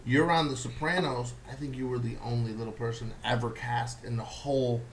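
A man hosting a relaxed conversation. He tells stories with animated energy, often breaking into laughter as he acts out the people in them. His voice sits at an ordinary pitch, with a faint hum of noise behind him. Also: fairly quick, low-quality recording. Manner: animated storyteller, laughs through his own impressions. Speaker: podcast host. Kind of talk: casual chat.

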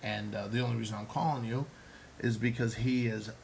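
A man's voice: lowish voice, steady tone, a little fast, gravelly, darkish tone, a little hiss or hum, low-quality recording. A man, an actor and comedian, telling a long story in casual chat, acting out the quotes and swearing freely.

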